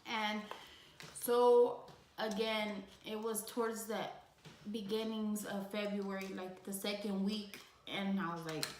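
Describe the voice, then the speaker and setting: A woman's voice: mid-range voice, fairly even intonation, takes it slowly, reverberant, a little hiss or hum, rough recording. A young woman vlogger telling her own story in a casual, rambling way, leaning on "like," emotional and close to tears at times. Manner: rambling, heavy use of "like".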